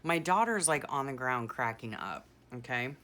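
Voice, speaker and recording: A middle-aged woman with a rumbling low, sharp-toned voice chats animatedly at a moderate pace as a journaling vlogger. She rambles through a story, peppering it with "you know" and "like."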